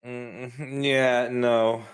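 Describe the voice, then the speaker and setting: A man of middle pitch on a livestream who talks slowly. He is easily amused. He pokes skeptical questions at his friend. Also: little pitch movement. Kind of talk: casual chat on a livestream.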